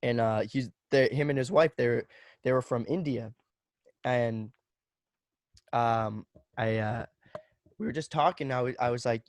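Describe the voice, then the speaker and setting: A man's voice: medium pitch, steady tone, moderate pace, a little mellow, no room sound, studio quality. A young man in his twenties, a podcast guest telling stories in loose, profane casual chat full of "like" and "bro".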